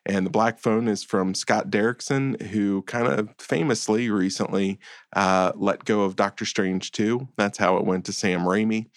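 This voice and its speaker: A man's voice: fairly low pitch, steady tone, no echo, studio quality. A man co-hosting a podcast, reviewing films in casual chat with a blunt, exasperated manner. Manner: blunt, exasperated, quick asides. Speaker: podcast co-host.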